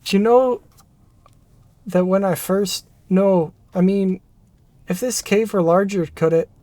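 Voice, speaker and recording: A performer reading a narrative game aloud, voicing an excitable former research assistant who rambles and restarts mid-thought. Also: mid-range voice, slow, dry recording, close to an everyday voice. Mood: eager. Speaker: game character voice.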